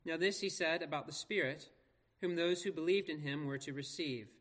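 Man pastor reading scripture then preaching, slow earnest pauses, kinda high voice, long hall echo. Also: a bit bright. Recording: long reverb of a large hall.

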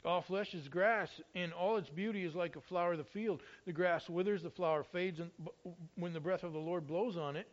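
A high-pitched male pastor delivering a sermon, his voice swelling with emphasis whenever he quotes scripture. The recording is muffled and lo-fi, with a dull top end. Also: fairly quick. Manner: expressive, rises loudly when quoting scripture.

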